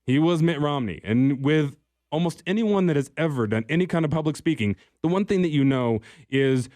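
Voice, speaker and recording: A man's voice: a little high, a little mellow, no room sound, studio quality. A man hosting a political talk radio show, speaking in a conversational, emphatic way with occasional restarts.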